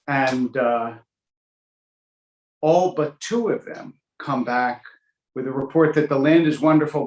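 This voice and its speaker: A man, a rabbi, giving an informal Torah class in a relaxed teaching manner, with many ums and uhs and dry joking asides. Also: medium pitch. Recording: roomy echo.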